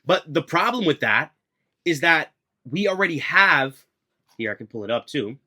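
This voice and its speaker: A young man rants about politics in a casual, heated way, blunt and cursing freely. His voice sits fairly high and sounds bright and forceful. He hammers his points home by repeating them. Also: expressive, moderate pace. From United States. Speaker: political commentator.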